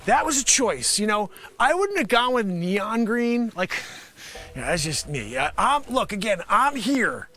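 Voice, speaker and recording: Very animated yet unhurried, a male host of a live improv comedy show rambles through a pitchman act and talks to an invented panel, now and then exploding into shouts.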